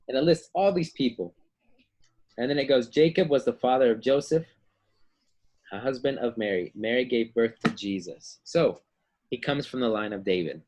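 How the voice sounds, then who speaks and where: Male Bible teacher for children, husky, acts out characters. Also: mid-range voice, darkish tone. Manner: acts out story voices, asks kids questions.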